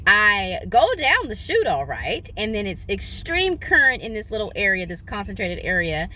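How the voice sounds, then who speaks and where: A woman's voice: unhurried, a little hiss or hum. A young woman vlogging from inside a parked car, telling a story animatedly into her phone. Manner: animated, dramatic retelling with big pitch jumps. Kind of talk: casual storytelling.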